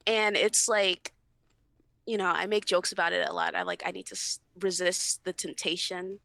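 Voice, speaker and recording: A woman's voice: lowish voice, flat delivery, moderate pace, creaky, pushed and bright, dry recording. A young adult woman co-hosting a podcast, telling a story in casual chat, candid and loose with fillers and frequent laughter. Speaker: podcast co-host.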